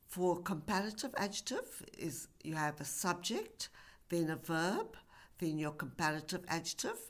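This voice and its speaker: A woman teaching English grammar in a recorded lesson, speaking carefully and stretching out example words. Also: lowish voice. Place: university e-learning course.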